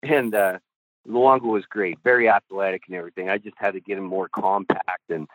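A man's voice: sits low, fairly even intonation, fairly quick, no echo. Man, middle-aged, goalie coach, rambling podcast anecdotes, swears casually, dry tinny sound. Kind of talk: podcast storytelling. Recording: tinny phone-like line, dry.

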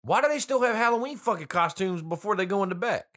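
A man with a fairly high, bright and forceful voice talks casually about a film. He swears freely and jokes as he retells scenes. His tone is animated and unguarded. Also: fast talker. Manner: profane, joking, animated storyteller. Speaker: podcast co-host discussing a film. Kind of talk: casual chat.

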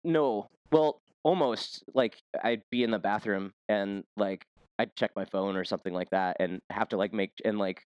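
A man with a fairly low voice chats casually on a podcast. He rambles through his stories with lots of filler words. The sound is dry and close, with almost no room echo. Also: moderate pace, darkish tone, clear, resonant tone, highs cut off. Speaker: podcast co-host. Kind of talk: casual chat.

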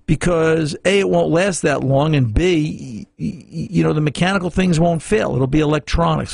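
A man's voice: on the high side, vocal fry, breathy edge, no room sound, clean studio sound. A middle-aged man hosting a radio car-repair show, talking casually and rambling with fillers and restarts.

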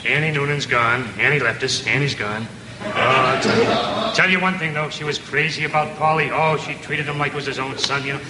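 An actor playing a chatty, gossipy middle-aged cab driver in a cartoon. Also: male voice, mid-range voice, steady tone, brisk, natural voice. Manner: rambling, gossipy. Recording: echoey hall clip with loud noise.

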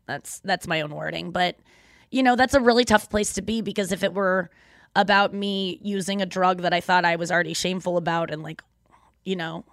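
A young woman hosting a podcast cries as she talks through an emotional personal monologue, rambling, tearful and apologetic. Her voice is fairly low and bright, with fairly even intonation and a brisk pace. The dry recording is studio quality, made on a studio microphone.

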